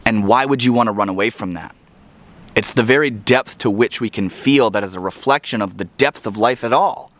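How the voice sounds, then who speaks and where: A man's voice: fairly low pitch, brisk. A man giving a reflective motivational monologue to camera, earnest and searching, often restarting his phrases as he thinks. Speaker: self-help video creator.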